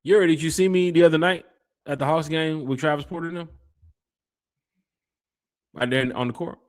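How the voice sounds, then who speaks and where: A man hosting a casual fan podcast, reading out chat comments and giving shout-outs. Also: on the high side, fairly even intonation, normal speed. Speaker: podcast host. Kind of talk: casual live-stream chat.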